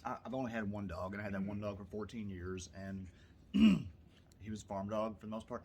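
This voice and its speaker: A man's voice: lowish voice, brisk, darkish tone, breathy edge. A man telling a story in a casual vlog, rambling and chatty, now and then breaking off to scold a puppy. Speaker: vlogger. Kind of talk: casual chat.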